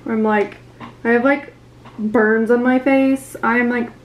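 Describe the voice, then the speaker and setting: A woman's voice: fairly high pitch, steady tone, takes it slowly, lo-fi sound. A young woman in a casual vlog, talking in an anxious, rambling way with lots of fillers. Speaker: vlogger.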